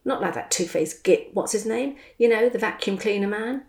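A woman voicing a chatty, blunt expat man, talking in a lively, slangy way. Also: mid-range voice, normal speed, vocal fry, pitched above the performer's own voice, natural voice. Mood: matey. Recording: roomy echo.

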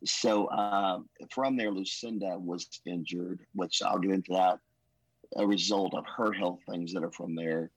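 A man tells his story as a pastor, earnest and emotional. His voice sits low and husky. The recording is close and dry, with no room sound. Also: steady tone, measured pace, dry recording, low-quality recording. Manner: emotional, earnest, says "man" and "bro" often. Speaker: pastor, podcast guest. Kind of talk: testimony storytelling.

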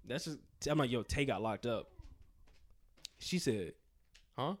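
Young man telling a story, very animated. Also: medium pitch, a little slow. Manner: animated, acts out scenes with sound effects and quoted voices; profane, slangy. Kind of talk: casual storytelling chat.

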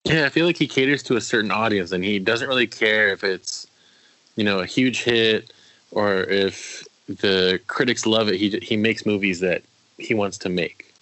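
A man on a casual podcast speaks in a measured, reflective way. His voice is low but bright and forceful, with an edge that cuts through. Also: low-quality recording. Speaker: podcast co-host.

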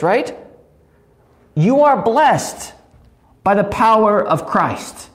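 High-voiced guy pastor doing a devotional teaching, super lively pitch, keeps asking "right?" and repeating stuff for emphasis. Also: extremely slow, long pauses. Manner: asks frequent rhetorical questions, tagging 'right?'; earnest, repeats key words for emphasis.

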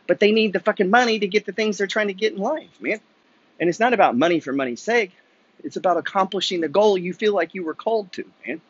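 A man's voice: on the high side, slightly rough, no echo, muffled recording. A man ranting bluntly and profanely while walking city streets, preaching a motivational walk-and-talk monologue. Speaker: vlogger. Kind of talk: walking-and-talking motivational rant.

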